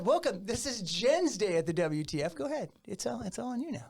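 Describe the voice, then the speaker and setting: A man's voice: sits high, very animated, brisk, vocal fry, darkish tone, husky. A man in his fifties hosting a podcast, chatting casually and playfully, joking and laughing often. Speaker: podcast host. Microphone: studio microphone.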